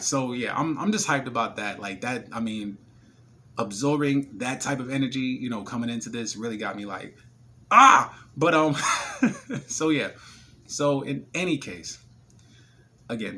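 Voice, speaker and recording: A young man from New Jersey talking casually to camera in a video diary, slangy and excitable, his voice strained from screaming. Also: mid-range voice, a little hiss or hum. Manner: excitable, slangy, repeats words when worked up. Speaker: vlogger.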